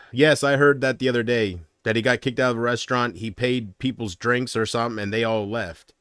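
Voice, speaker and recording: A man chats on his home livestream in a loose, rambling way, cracking jokes and laughing at them. His voice sits at an ordinary pitch. The sound is dry and close, from a desk mic in a small room. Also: steady tone, a little fast, a bit bright, clean tone, dry recording. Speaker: livestream host. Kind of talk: casual livestream chat.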